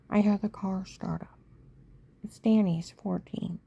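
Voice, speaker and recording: A middle-aged woman telling her own story casually and with feeling, often sinking to a hushed near-whisper and checking in with the listener with "okay?". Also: medium pitch, fairly even intonation, a little slow, creaky, husky, muffled recording.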